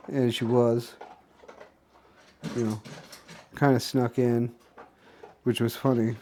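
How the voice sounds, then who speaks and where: A young man recounting his day in a loose vlog ramble, piling up fillers and restarts as he goes. His voice sits in an ordinary middle register with a mellow, relaxed tone. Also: mid-range voice, slow, long pauses, a little hiss or hum. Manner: rambling, restarts often, filler-heavy storytelling. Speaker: vlogger. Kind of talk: casual rambling daily vlog recap.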